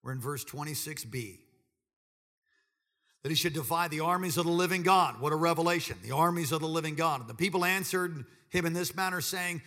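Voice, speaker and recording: A middle-aged man preaching a sermon, telling a story with jokes and swinging from quiet asides to loud exclaiming in a church service. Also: sits high, animated, normal speed. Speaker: pastor.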